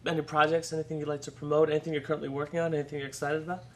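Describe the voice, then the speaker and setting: A man's voice: a little high, level tone, racing, fairly bright tone. A man hosting a casual interview, chatty and joking with his guest. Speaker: talk show host.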